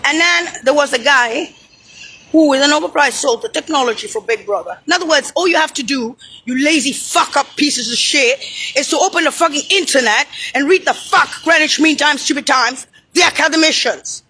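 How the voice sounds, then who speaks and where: A woman's voice: sits high, fairly quick, bright, forceful tone, poor audio. A woman delivering an angry, profane, rambling monologue, hurling insults and pointing things out on screen. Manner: points at something on screen while talking.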